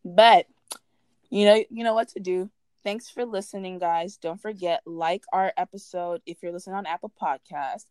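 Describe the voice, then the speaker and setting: A woman's voice: fairly low pitch, fairly even intonation, normal speed, darkish tone, smooth, no echo. A young woman co-hosting a casual podcast, playful and teasing, laughing often as she talks. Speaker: podcast co-host. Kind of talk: casual chat.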